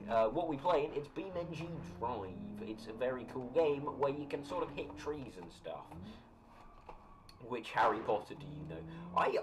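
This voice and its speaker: A young British man chatting casually on a live stream while gaming, rambling as he reads and answers chat comments. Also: mid-range voice. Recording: noisy home recording.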